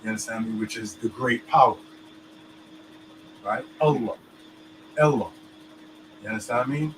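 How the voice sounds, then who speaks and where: A man's voice: medium pitch, measured pace, a bit bright, poor audio. Man in casual chat, talks loosely, lots of fillers and "you understand?", faint background hum. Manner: loose, filler-heavy explaining, keeps checking "you understand me?".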